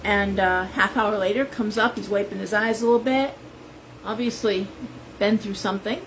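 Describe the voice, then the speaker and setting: Woman, tarot shop owner, live-stream chat, rambling storyteller, medium pitch. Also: steady tone, moderate pace, slight background noise, low-quality recording.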